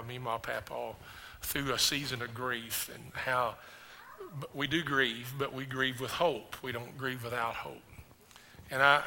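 A man's voice: mid-range voice, gravelly, a little hiss or hum. Impassioned older male pastor preaching. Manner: storytelling, building to loud impassioned preaching. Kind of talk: sermon. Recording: reverberant hall with faint music.

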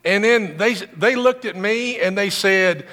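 A man preaching a sermon as pastor, animated, rising to excited emphasis as he tells a story to his congregation. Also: high voice, a little slow, in a large hall. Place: church sanctuary.

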